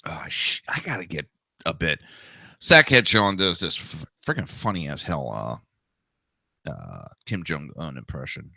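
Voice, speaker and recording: A man in his thirties rants crude, profane and sarcastic commentary as a talk show host. His pitch swings widely as he talks. The tone is very bright and sharp, and the close mic is dry. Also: sing-song, measured pace, gravelly, no echo. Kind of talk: ranting commentary.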